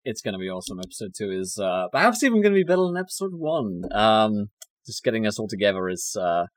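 Excitable, foul-mouthed stream host, dry sound. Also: male voice, lowish voice, fast, no echo. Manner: excitable, swears freely. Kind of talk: casual stream wrap-up.

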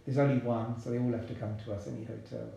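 Gravelly-voiced man in an echoey room. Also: medium pitch, quick pace. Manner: relaxed, chatty, many asides. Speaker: podcast guest. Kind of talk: casual interview talk.

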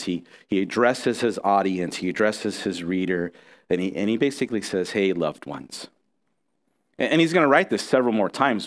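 A middle-aged man preaching a sermon as pastor, earnest and conversational, with restarts and asides to the congregation. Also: on the low side.

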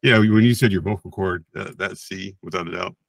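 A man's voice: sits low, fairly quick, no room sound, clean studio sound. A man in a casual chat who speaks with slurred words and often chimes in with short agreements. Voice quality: slurred speech. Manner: agreeable, chiming in with short affirmations.

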